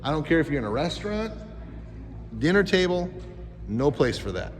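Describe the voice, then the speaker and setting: A man's voice: on the high side, big pitch swings, moderate pace, faint music behind. A man teaching a life skills class to youths, talking with energy and quizzing the kids with questions. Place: school gym. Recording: echoey gym hall.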